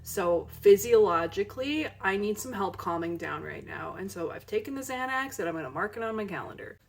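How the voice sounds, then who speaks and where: A young woman talking candidly to her camera at home in a personal vlog, emotional and halting, at times tearful and out of breath. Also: mid-range voice, lively intonation, gravelly. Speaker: vlogger. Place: home, kitchen and living room.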